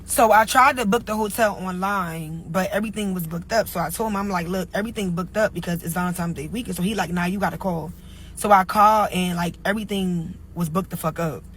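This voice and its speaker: A woman's voice: lowish voice, fast talker, hardly any pauses, fairly bright tone, a little hiss or hum, rough recording. A young woman, a single mother, telling a story casually and filling her talk with "like" and "or whatever". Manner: chatty, lots of "like" and "or whatever". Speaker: storyteller in a clip.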